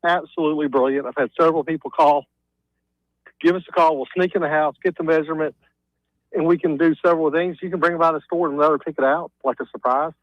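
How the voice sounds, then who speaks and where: A man's voice: a little high, fairly even intonation, fast, dry recording, lo-fi sound. A man calling in to a radio show, out of breath, joking and chatty. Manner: jokey, chatty. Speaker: caller, carpet store owner. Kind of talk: phoned-in radio ad chat.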